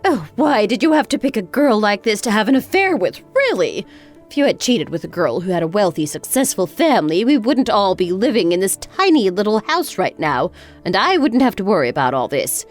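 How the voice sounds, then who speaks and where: A woman's voice: mid-range voice, sing-song, brisk, soft background music. A woman voicing a harsh, sarcastic older mother-in-law in a dramatized story. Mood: scornful. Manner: cutting, sarcastic.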